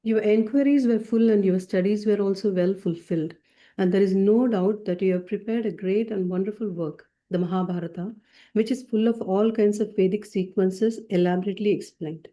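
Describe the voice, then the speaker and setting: A woman reads a translation aloud in a polite, steady way. Her voice is at a middle pitch with a very dark, warm tone. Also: moderate pace. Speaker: class participant reading verse translation. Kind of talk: reading aloud.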